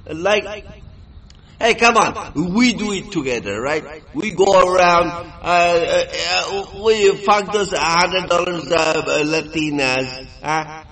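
A man's voice: fairly high pitch, slow, sharp tone, poor audio. A tipsy man delivers a rambling monologue. He is crude and boastful, and he stammers through many fillers. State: tipsy from drinking.

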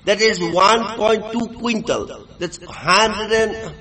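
A crude, boastful man rambles along at a slow, dragging pace. He sounds tipsy and stumbles over constant fillers, and his voice is high and bright. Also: low-quality recording. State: tipsy from drinking. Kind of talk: rambling monologue.

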